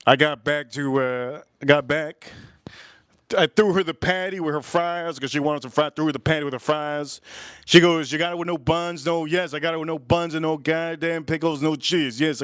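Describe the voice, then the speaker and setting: A man's voice: on the high side, a bit bright, smooth, no room sound, clean studio sound. A man hosting a livestream, casually telling a rambling, laughing story, repeating himself and swearing now and then. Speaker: livestream host.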